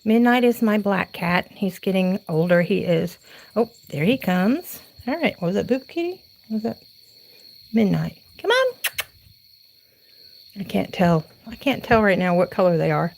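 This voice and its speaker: A woman in her forties with a Southern drawl moves around her house while hosting a relaxed late-night crafting livestream, chatting with viewers, rambling and laughing frequently. She speaks at normal speed in a creaky, mid-range voice with a darkish tone.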